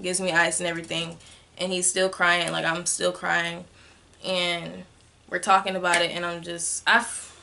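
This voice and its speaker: A young woman telling a personal story in a candid vlog, filling her speech with "like" and growing soft and subdued at times. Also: lowish voice, flat delivery, moderate pace, vocal fry, a little hiss or hum. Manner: candid, heavy use of "like" as filler. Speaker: vlogger.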